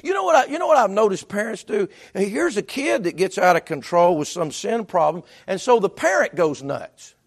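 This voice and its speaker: Animated, high-pitched preaching man. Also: moderate pace, few pauses. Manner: preaching with sudden loud bursts and hushed asides; conversational, repeats words and restarts. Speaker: pastor. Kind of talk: sermon.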